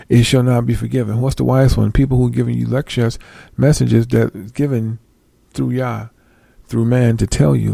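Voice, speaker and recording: A middle-aged preacher gives a casual sermon, reading scripture aloud and checking with listeners to see if they agree. His medium-pitched voice is warm and husky with vocal fry, and there's no room sound.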